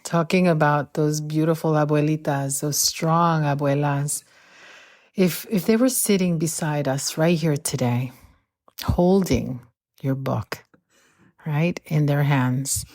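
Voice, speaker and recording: A woman hosting an interview, measured and reflective as she reads out her closing thoughts. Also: low-pitched, darkish tone, dry recording, studio quality. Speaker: podcast host.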